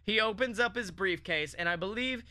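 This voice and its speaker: A man co-hosting a comedy podcast, rambling excitedly as he pitches a made-up movie plot, with lots of ums, swearing and laughter. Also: moderate pace. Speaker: podcast co-host.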